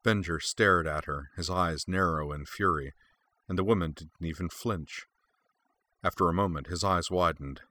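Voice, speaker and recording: A man reading a story aloud as narrator, with steady, measured storytelling. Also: low-pitched, dry recording. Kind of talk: fan fiction read aloud.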